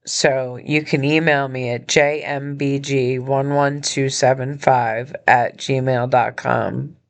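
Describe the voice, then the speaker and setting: A woman hosting her own podcast, speaking from a hospital room in an earnest, halting personal appeal, emotional and injured. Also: a bass voice, fairly even intonation. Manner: earnest, halting, with many pauses and restarts. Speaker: podcast host and nonprofit founder.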